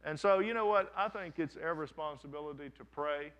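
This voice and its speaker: This thirties-aged pastor speaks fairly quickly in a somewhat bright, fairly high voice, with the recording's highs cut off. Standing before his congregation in the church sanctuary, he tells stories in a conversational sermon, frequently starting over.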